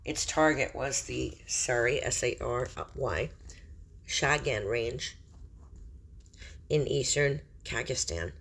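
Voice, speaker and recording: Middle-aged male host, mid-pitched and gravelly, news read-through with commentary, trips over and spells out place names. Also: slow pace, long pauses, fairly bright tone. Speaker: Christian video host. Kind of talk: reading news aloud with personal commentary. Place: room in a house. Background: faint background noise.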